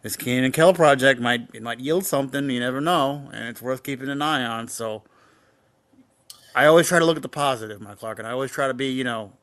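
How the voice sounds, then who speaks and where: A man's voice: mid-range voice, quick pace, a bit bright, clean tone. Rambling, cussing young man podcaster. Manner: rambling, swears freely, lots of fillers. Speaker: podcast co-host. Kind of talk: casual banter.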